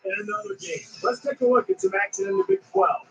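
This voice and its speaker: A high, lively football commentator. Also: male voice, vocal fry, slight background noise, heavily acted, low-quality recording. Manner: brisk, energetic play-calling. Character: upbeat male football game commentator. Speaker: play-by-play commentator. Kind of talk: scripted sports commentary.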